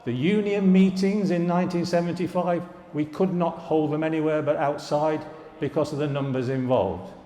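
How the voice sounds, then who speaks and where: A man's voice: on the high side, fairly even intonation, moderate pace, warm tone. An older man gives an anecdotal anniversary speech to alumni, recalling student days with wry asides and jokes. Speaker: former students' union president giving an anniversary speech. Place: large hall at a live event. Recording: echoey hall, reverberant room.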